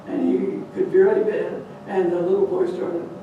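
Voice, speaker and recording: An older woman telling a folk tale aloud to an audience, animated and chatty, slipping in Spanish words. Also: lowish voice, normal speed, phone-quality sound. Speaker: storyteller. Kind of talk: lively live storytelling. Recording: echoey hall, distant mic, noisy.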